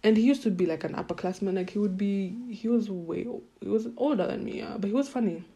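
A young woman from Kenya with a Kenyan accent, telling personal stories in a casual, animated way and acting out her own reactions. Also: medium pitch, fast. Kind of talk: casual storytelling.

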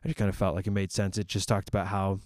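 Low-voiced man talking faith casually. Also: flat delivery, rapid-fire, a little mellow, no echo, studio quality. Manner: conversational, thinks aloud with fillers and restarts. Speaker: church minister.

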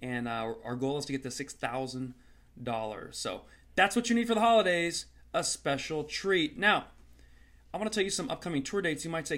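A comedian hosting his own show, delivering an energetic intro and promo with a hyped, salesy manner and sarcastic asides. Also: on the high side, moderate pace.

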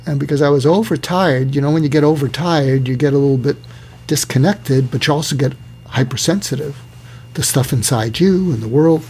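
Male psychiatrist, gravelly voice, storytelling delivery, acts out quoted voices. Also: a little high, fairly quick, a little mellow, slight background noise. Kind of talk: storytelling talk.

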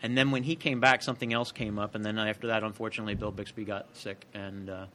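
A man's voice: on the low side, little pitch movement, quick pace, sharp tone, a little hiss or hum. A man co-hosting a podcast live in a comic shop, rambling and trailing off as he chats. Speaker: podcast co-host. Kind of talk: casual round-table chat.

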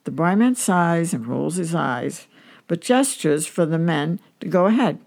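Woman host, chatty joke-teller, lively pitch, gravelly edge, faint music. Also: unhurried. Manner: chatty, amused, storytelling. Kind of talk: telling jokes on a podcast.

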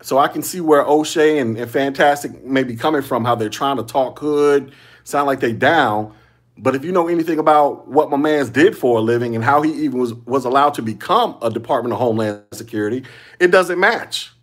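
A man's voice: medium pitch, brisk. A man hosting a solo podcast, giving casual commentary in loose slangy talk, repeating himself and chuckling often. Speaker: podcast host.

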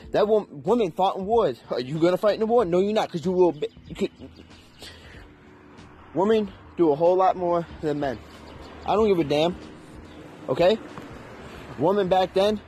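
A man's voice: high-pitched, warm tone, a little hiss or hum. A young man ranting in an unscripted, heated and profane way, with emphatic delivery. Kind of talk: unscripted rant.

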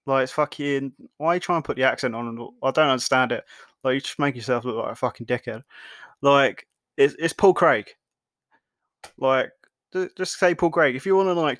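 A man's voice: medium pitch, fairly bright tone, no echo, clean studio sound. A man hosting a podcast, recapping fights in casual, blunt talk full of swearing and fillers. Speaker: podcast host.

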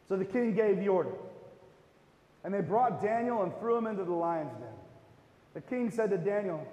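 A man's voice: fairly high pitch, darkish tone. A male pastor preaching a sermon in a casual, conversational way with filler words. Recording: echoey hall reverb.

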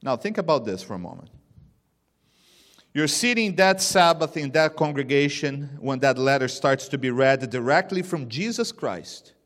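A man preaching a sermon, swinging between loud emphatic bursts and hushed, low lines. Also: sing-song, moderate pace. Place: church sanctuary. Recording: long reverb of a church hall.

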